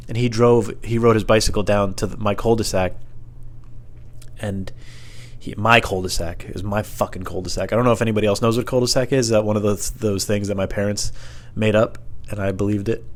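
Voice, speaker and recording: A young man hosting a solo podcast from home, rambling and self-deprecating. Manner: self-deprecating, meandering, puts on squeaky voices for others. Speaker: podcast host. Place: home room, alone.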